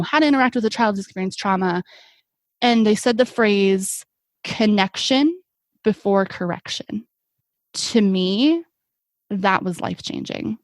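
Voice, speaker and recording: A woman's voice: mid-range voice, no echo. A young adult woman, an occupational therapist, telling stories in an earnest, reflective way with many fillers. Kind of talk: conversational podcast interview.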